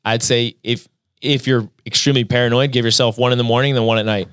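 A man talking as a guest on a podcast, relaxed and joking in casual chat. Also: mid-range voice, fast talker, clear, resonant tone, dry recording, clean studio sound. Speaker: podcast guest, competitive athlete.

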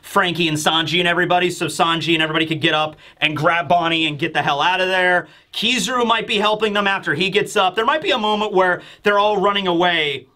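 A man giving casual, excitable commentary as a reviewer who often acts out character lines, recorded close on a desk mic. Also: high voice. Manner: excitable, acting out character lines in quick bursts. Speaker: YouTube chapter reviewer.

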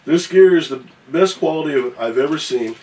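A man's voice: fairly high pitch, normal speed, a little mellow, recorded from a distance, low-quality recording. Profane man reading viewer mail. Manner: profane, joking, reads with stumbles. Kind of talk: casual morning show chat, reading an email aloud.

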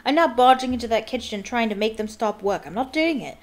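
A woman's voice: fairly high pitch, animated, a little fast, lightly acted. A woman voicing a wry, grumbling teenage schoolboy wizard.

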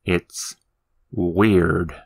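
A man's voice: deep voice, fairly even intonation, extremely slow, creaky, breathy edge, pitched below the performer's own voice, exaggerated voice. A man voicing a nervous, shifty little demon who lives in a picture box and talks in an evasive mutter.

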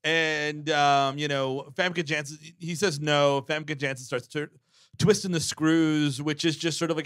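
Bright-toned man recapping on stage. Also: fairly high pitch, fairly even intonation, a little slow, clear, resonant tone. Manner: recaps the plot loosely, stammers and restarts. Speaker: podcast co-host. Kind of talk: live comedy podcast banter. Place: comedy club stage, live audience.

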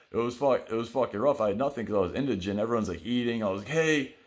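A man's voice: on the low side, quick pace, darkish tone. A man telling his own stories on his vlog in a blunt, rambling monologue full of swearing. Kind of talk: profane storytelling monologue.

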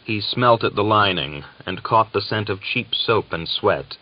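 A man narrating an audiobook in a measured, dramatic manner. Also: on the low side, lively intonation, muffled recording.

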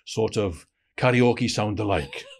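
A man's voice: fairly low pitch, takes it slowly, gravelly. Welsh man in his fifties telling stories. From South Wales. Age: 50s. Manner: chatty and anecdotal, with repeated filler tags. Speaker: guest, former intelligence officer. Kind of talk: conversational storytelling.

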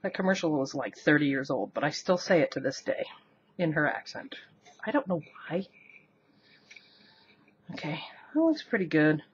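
A woman with a deep voice and big pitch swings talks to the camera during a casual home-kitchen cooking demo, rambling, self-deprecating, and laughing often. She speaks at a normal speed, pausing often. The vlog is shot on a counter camera, later handheld, and the sound is lo-fi with a little hiss or hum.

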